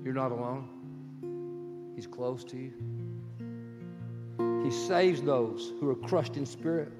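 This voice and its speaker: A pastor in his sixties preaching a sermon, swinging from loud urgent pleading to soft, hushed prayer. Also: mid-range voice, takes it slowly. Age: 60s. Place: church sanctuary. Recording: long hall reverb with guitar music behind. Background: soft guitar music.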